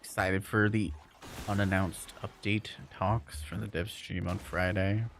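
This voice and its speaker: Laid-back male game streamer, low voice. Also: little pitch movement, a little slow, a bit bright, slight background noise. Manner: laid-back, joking, chuckles often. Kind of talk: casual chat while playing and reading chat.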